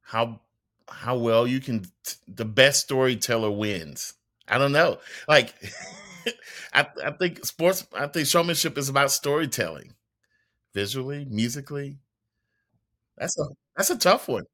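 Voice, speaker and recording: A man's voice: medium pitch, animated, a little slow, long pauses, a bit bright. A man who teaches band at a university, chatting casually on a podcast and thinking aloud with hesitant restarts. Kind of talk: casual chat.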